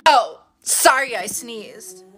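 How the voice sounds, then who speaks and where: A man's voice: very high-pitched, expressive, slow pace, loud music behind the voice, heavily acted. A man playing a shy, anime-obsessed teenage boy in a comedy sketch, mumbling awkwardly and then snapping defensively. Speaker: comedy creator.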